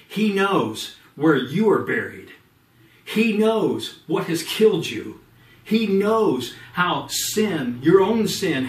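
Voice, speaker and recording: A man with a slightly higher voice delivers an earnest sermon, slowing his words for emphasis. He sounds set back from the microphone in a roomy, echoing church. The delivery is steady pastoral preaching. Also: distant mic. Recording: echoey room from off the mic.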